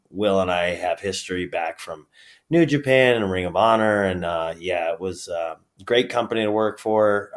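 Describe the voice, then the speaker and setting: A man from upstate New York with a New York accent, chatting casually as an interview guest, laughing often and filling pauses with ums. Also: sits low. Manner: relaxed, laughs often, many fillers. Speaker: guest, pro wrestler.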